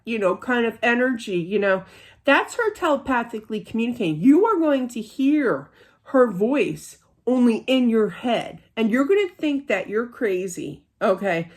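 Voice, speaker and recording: A middle-aged woman giving a casual spiritual reading, chatty and rambling, full of fillers and restarts. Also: on the high side. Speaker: psychic reader.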